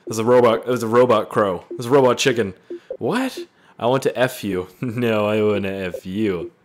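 A man reading fan voice messages aloud and reacting with loud, profane jokes in a casual gaming video. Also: lowish voice, normal speed. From Canada. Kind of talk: casual gaming vlog commentary.

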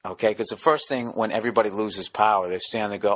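Bright-voiced profane comedian rambling. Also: male voice, lowish voice, fairly even intonation. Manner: profane rambling storytelling with quick restarts. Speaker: podcast host. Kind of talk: casual comedic monologue.

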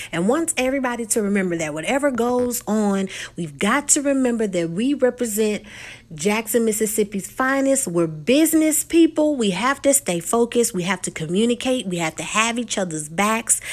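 A woman with a Texas accent recapping and reviewing a reality show, chatty and opinionated, talking straight to her viewers. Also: mid-range voice. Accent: Texan.

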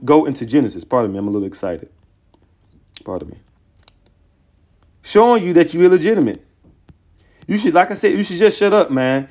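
Guy preaching online, worked up and combative, slightly high voice, trash-talks opponents between bible verses. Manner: combative and excitable, taunting opponents with profanity; reads scripture aloud and stops to comment. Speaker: religious teacher. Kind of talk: heated online scripture teaching.

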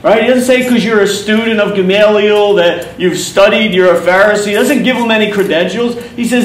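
High-voiced preacher in an echoey hall. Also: male voice, brisk, few pauses, far from the mic, slight background noise. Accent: Philadelphia. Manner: conversational teaching, paraphrasing scripture with repetitions. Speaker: pastor. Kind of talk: sermon. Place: church hall.

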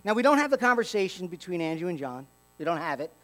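A man preaching a sermon as pastor, telling stories with lively acted-out dialogue and dropping to a hushed tone for emphasis. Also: high voice, fast. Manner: animated storytelling, acts out dialogue.

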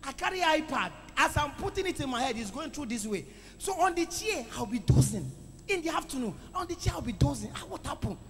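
A man preaching a sermon to a congregation, calling for responses and swinging between loud exclamations and quiet asides. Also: very high-pitched, big pitch swings, a little fast, background noise. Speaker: pastor. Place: church hall. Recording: echoey church hall with music.

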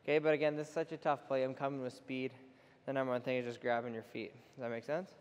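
A young man coaching a goalie on the ice, energetic and playfully teasing between drills, recorded in an indoor rink. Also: mid-range voice, fast. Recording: echoey rink with faint noise.

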